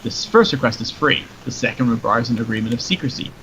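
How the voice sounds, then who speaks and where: A man's voice: medium pitch, fast talker, sharp tone. Nate, a joking desert rattlesnake, read by a man. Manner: chatty, joking, matter-of-fact. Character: wry talking rattlesnake granting wishes, male. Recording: dull lo-fi with faint noise.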